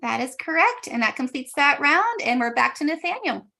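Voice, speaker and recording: A woman moderating a spelling bee over a video call, giving brisk, matter-of-fact rulings. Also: high voice, very animated, vocal fry, bright, forceful tone. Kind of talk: running a live online contest.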